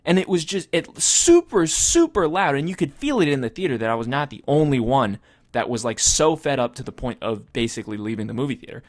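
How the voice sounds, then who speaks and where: A young man with a Texan accent who co-hosts a movie podcast. He tells a story loosely and swears a lot, and his pitch swings widely as he gets worked up. The sound is close and dry, with no room echo. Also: fairly quick. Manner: animated, profane storytelling. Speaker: podcast co-host. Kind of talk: casual chat.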